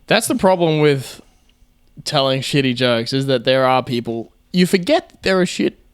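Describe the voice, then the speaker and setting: A man, co-hosting a comedy podcast, throwing in quick joking interjections. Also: medium pitch, animated, clear, resonant tone, no room sound, studio quality. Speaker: podcast co-host. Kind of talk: casual comedic banter.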